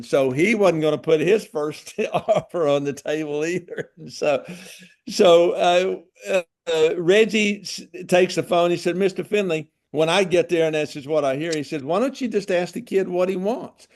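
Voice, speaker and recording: An older man with a slightly raised voice recalls his playing days in relaxed, folksy chat. He chuckles through his stories and talks like an old ballplayer among friends. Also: on the high side, normal speed. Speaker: former ballplayer telling stories. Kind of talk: casual storytelling chat.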